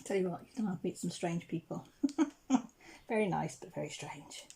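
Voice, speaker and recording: Chatty English woman with a gravelly voice. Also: lowish voice, moderate pace, dark tone. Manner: chatty, rambling, frequent throat clearing. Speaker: crafting channel host. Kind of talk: casual storytelling chat while crafting.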